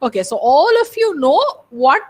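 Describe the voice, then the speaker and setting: Animated, high-pitched woman giving a webinar talk. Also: normal speed. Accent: Indian English. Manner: animated, emphatic, stretches words for stress. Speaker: webinar speaker on exam stress. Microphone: video call.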